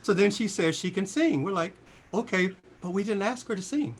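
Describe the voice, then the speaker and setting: A man in his sixties telling stories as a guest in an interview, acting out the quotes in a lively voice. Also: moderate pace, slightly rough. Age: 60s. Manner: lively storyteller, voices quotes with big pitch jumps. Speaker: singer and guest. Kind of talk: animated storytelling interview.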